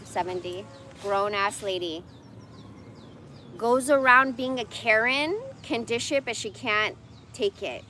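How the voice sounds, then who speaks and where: A woman's voice: fairly high pitch, takes it slowly, bright, forceful tone, slight background noise. Blunt, foul-mouthed woman in her forties ranting. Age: 40s. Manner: profane, venting, blunt. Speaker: livestreamer. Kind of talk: casual ranting monologue.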